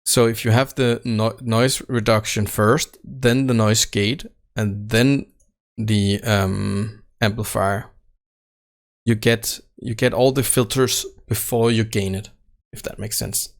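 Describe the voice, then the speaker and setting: A tech channel host casually walks through his recording setup in an untreated home room, speaking right up against a close desk microphone. His voice is on the low side with a steady tone, and he halts often, using many fillers and correcting himself.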